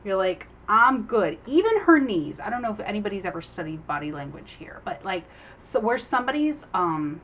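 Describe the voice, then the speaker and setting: A woman giving a casual general tarot reading, chatty, acting out the figures on the cards in quick quoted voices. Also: mid-range voice, very animated, a little hiss or hum, rough recording. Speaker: tarot reader.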